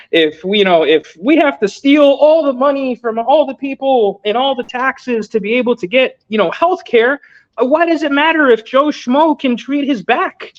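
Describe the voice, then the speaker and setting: A young man in his twenties, a guest telling his story in a casual interview, loose and earnest with lots of filler words. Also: high-pitched. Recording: dull lo-fi audio.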